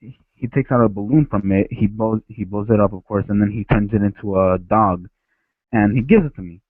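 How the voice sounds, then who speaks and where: In this phone-in story, a male caller from Ecuador wanders through memories of his childhood, restarting again and again over a headset. His lowish voice moves briskly on a dry, tinny, phone-like line with no room sound.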